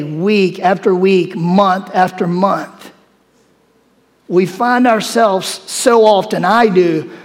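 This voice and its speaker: A male preacher gives a sermon, talking to his listeners the way he would in conversation and acting out the scripture with lively asides. His voice sits high for a man. A long reverb from a big hall trails behind every phrase.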